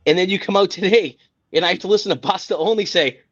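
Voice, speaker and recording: A man's voice: sits high, lively intonation, normal speed, long pauses, fairly bright tone, breathy edge. A man hosting a sports podcast, ranting in a heated, profane, exasperated way. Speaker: podcast host. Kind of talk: casual sports rant. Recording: dull lo-fi podcast audio.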